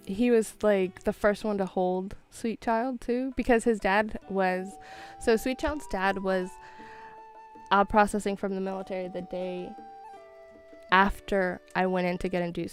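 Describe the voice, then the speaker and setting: A young woman streamer telling a long story in a casual, animated way, full of fillers and quick laughs. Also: medium pitch, faint music behind. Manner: animated, chatty, many fillers, laughs often. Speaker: gaming streamer.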